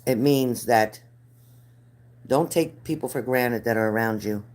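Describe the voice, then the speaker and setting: A woman's voice: a bass voice, unhurried, a little mellow. A middle-aged woman reading spirit cards live for viewers, chatty and earnest, repeating their names. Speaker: card reader.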